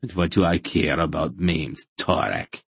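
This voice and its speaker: A contemptuous male religious fanatic from the caves, raising his voice in righteous scorn, as a narrator puts him on. The voice underneath is deep and husky, recorded close and dry for an audiobook. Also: lively intonation, measured pace, no room sound, full character voice. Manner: scornful, insistent. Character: zealous male cave-dwelling fanatic, contemptuous. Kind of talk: audiobook character voice.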